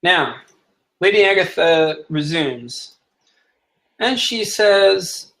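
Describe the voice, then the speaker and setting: A man's voice: fairly high pitch, slow, sharp tone, poor audio. A man narrating as game master of a tabletop role-playing game, who plays the characters in his own voice.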